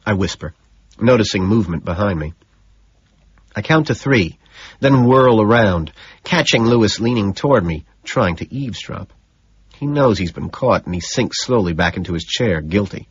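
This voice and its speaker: A man narrating an audiobook in the first person, cool, measured and detached, with a dull, lo-fi sound. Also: low-pitched, lively intonation, breathy edge, dry recording.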